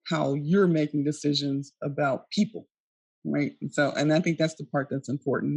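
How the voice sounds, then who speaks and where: A woman lecturing at a neuroscience conference, earnest and halting, with frequent ums and restarts. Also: low-pitched, a little mellow, no room sound. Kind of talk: recorded conference talk.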